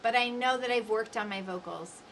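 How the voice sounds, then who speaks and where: Bright-voiced woman coaching on speaking. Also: a little high, moderate pace, a little hiss or hum. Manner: lively, coaching tone with varied emphasis. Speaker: instructor. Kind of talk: lecture on public speaking.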